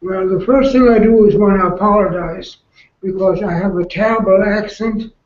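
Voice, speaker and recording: Older German-accented man, high voice. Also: moderate pace, a little hiss or hum. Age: 80s. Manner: direct, earnest, addresses listeners as a class. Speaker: Holocaust survivor speaker. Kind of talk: testimony to school classes. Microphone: video call. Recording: echoey, dull video-call audio.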